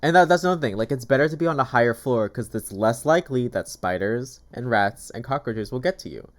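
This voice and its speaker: A man's voice: medium pitch, expressive, fast. A man in casual chat, telling stories with lots of "like" fillers. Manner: chatty storytelling, heavy use of "like". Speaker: gaming YouTuber. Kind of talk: casual chat while eating.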